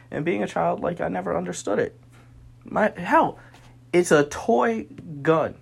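A man's voice: a little high, expressive, measured pace, gravelly, long pauses. A young man speaking a personal monologue, earnest and weary, sometimes heated.

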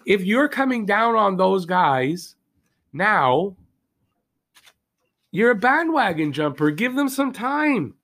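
High-voiced, gravelly ranting podcast man. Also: big pitch swings, slow pace, pauses often, fairly bright tone. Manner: heated, ranting, rhetorical questions to listeners. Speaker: podcast host. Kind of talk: solo hockey rant. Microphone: podcast mic, also filmed for video.

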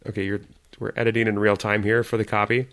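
A man's voice: fairly low pitch, flat delivery, quick pace, a bit bright. A man co-hosting a podcast in casual chat, talking animatedly and laughing easily. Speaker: podcast co-host.

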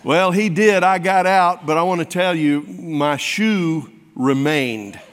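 A man's voice: a little high, takes it slowly, smooth. A man preaching a sermon, telling a folksy, self-mocking story to his congregation. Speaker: pastor. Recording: long hall reverb.

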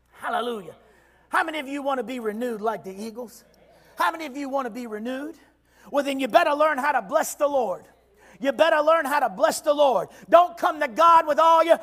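A man preaching a sermon in a shouting, call-and-response style, swinging from loud cries down to quiet low stretches. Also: animated, normal speed.

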